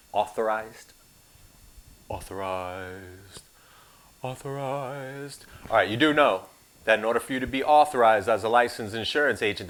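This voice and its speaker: A man's voice: mid-range voice, fairly bright tone. A man teaching an insurance course in a recorded class, with sarcastic, joking asides.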